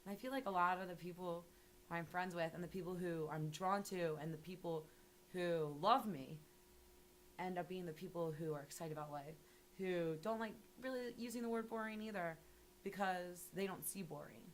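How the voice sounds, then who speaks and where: A woman's voice: on the low side, moderate pace, slight background noise. A young woman talking casually and animatedly, rambling with lots of filler words and swearing. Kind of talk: casual interview monologue.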